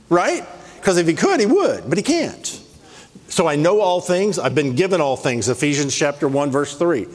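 Man preaching in an echoing hall. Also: a little high. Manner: lively, playful preaching, rapid scripture references. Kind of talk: sermon. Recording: long hall reverb.

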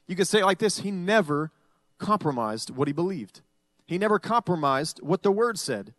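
A man's voice: sits high, expressive, moderate pace, fairly bright tone, no echo. A male pastor preaching a conversational sermon, often acting out what his listeners might say.

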